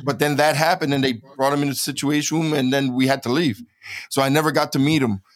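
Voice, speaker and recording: A man's voice: medium pitch, steady tone, fast talker. A middle-aged man telling his story as an interview guest, emphatic and repeating phrases for stress.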